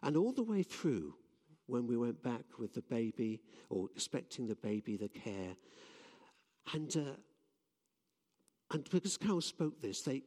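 A preacher in a church tells stories earnestly during a sermon, often restarting his sentences, and the hall's reverb lingers long. His medium-pitched voice is warm and unhurried, with big swings in pitch.

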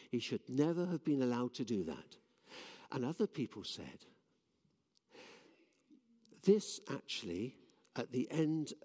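A man's voice: mid-range voice, darkish tone. A man giving a sermon, telling stories earnestly with frequent restarts, in a church. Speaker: preacher. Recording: long reverb of a church hall.

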